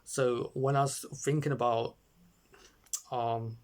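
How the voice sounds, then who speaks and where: A man talks through a short film review, hesitant and rambling, with constant fillers and restarts. He sits at a phone or webcam mic, and his voice sits at an ordinary middle pitch. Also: little pitch movement, slow pace, darkish tone.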